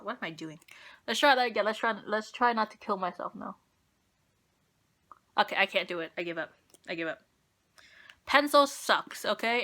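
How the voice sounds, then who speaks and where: A woman's voice: lowish voice, bright, forceful tone. A young woman rambling through a makeup tutorial, self-deprecating and talking to herself as she works. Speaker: beauty vlogger.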